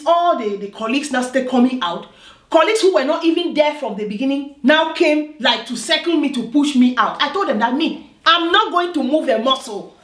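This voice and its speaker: A woman's voice: sits high, fairly bright tone. A woman from Africa telling a personal story in a vlog, emphatic and repetitive, often checking "do you understand?". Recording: roomy echo.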